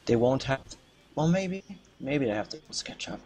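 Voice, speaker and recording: A man's voice: mid-range voice, expressive, normal speed, noisy background. A man casting an online game match and interviewing players, thinking aloud in an upbeat, chatty way over a headset. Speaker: tournament caster. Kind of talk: live game commentary and interview.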